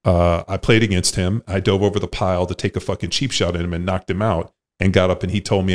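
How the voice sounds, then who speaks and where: Man, very low voice, podcast host, former football player, blunt, profane, rambling, casual talk. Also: fairly even intonation, quick pace, hardly any pauses. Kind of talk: casual conversation.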